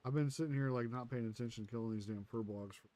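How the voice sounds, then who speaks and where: A man's voice: mid-range voice, fast, warm tone. A man streaming a game from his home computer on a headset, rambling casually and swearing freely. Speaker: gaming streamer. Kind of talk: casual chat while playing a game.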